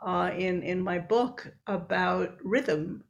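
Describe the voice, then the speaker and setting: A woman's voice: lowish voice, slow pace, gravelly. A woman researcher and book author explaining her work step by step in an interview.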